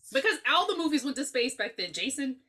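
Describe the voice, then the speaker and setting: Lively bright-voiced woman podcast host. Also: sits high, moderate pace. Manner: animated, laughs often, profane. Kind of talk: casual movie review chat.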